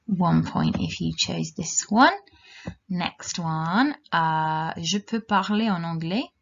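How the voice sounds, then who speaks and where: Slow, low-voiced woman teacher. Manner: slow, clear, encouraging instructions. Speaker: language teacher. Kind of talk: recorded classroom lesson for children. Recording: dull lo-fi recording.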